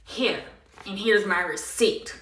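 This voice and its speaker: A woman's voice: medium pitch, slow pace, fairly bright tone, roomy sound. A woman acting a rude, impatient female customer in a comedy skit. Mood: scornful. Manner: scornful, impatient. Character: rude demanding female customer returning soiled goods.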